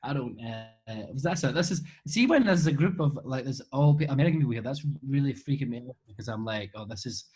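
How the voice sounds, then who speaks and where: A Scottish man answers fan questions over a video call, rambling, joking and running himself down as an interview guest in casual chat. His medium-pitched voice is animated, a little mellow and husky, moving quickly with few pauses. The webcam recording is low quality.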